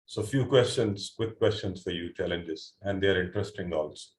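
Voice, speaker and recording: A man's voice: low-pitched, moderate pace, roomy sound. A man teaching an online class, explaining word meanings patiently step by step, with hesitant fillers and restarts. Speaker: Quran teacher. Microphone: computer mic on an online call.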